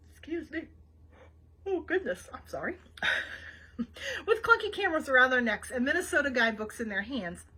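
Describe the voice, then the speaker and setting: A woman reading a children's novel aloud for a library program, expressive and chatty, with small asides to her listeners. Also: high-pitched, slightly rough, low-quality recording. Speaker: library read-aloud host.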